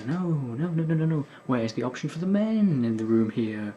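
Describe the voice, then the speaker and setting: A man's voice: medium pitch, expressive, moderate pace, dark tone, lo-fi sound. A young man hosting a gaming video, rambling in casual sardonic commentary and swearing often. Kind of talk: casual commentary while playing.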